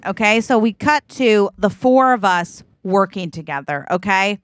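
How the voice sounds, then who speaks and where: A woman co-hosting a podcast, improvising a silly story in a playful, laughing manner. Her voice sits at an everyday middle pitch. The sound is dry and close. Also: expressive, measured pace, few pauses, a bit bright, no room sound. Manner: playful, laughs often, acts out quotes. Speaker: podcast co-host.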